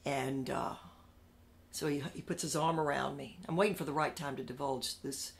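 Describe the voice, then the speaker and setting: A woman telling her story in a candid interview, animated and emphatic, repeating phrases for punch and swinging between loud outbursts and hushed asides. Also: extremely low pitch, moderate pace, gravelly.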